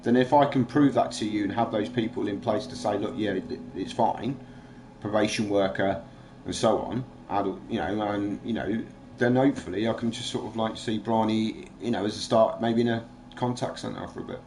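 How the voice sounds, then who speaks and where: A man's voice: fairly low pitch, moderate pace. A man in casual chat, rambling and agitated, swearing freely as he vents. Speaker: livestream host.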